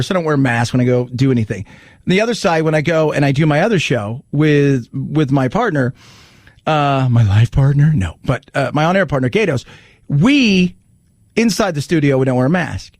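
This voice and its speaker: A man's voice: on the high side, brisk, no room sound. A man hosting a talk radio show in his studio, chatting casually and acting out voices when he tells a story. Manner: animated storyteller who acts out voices in jokes.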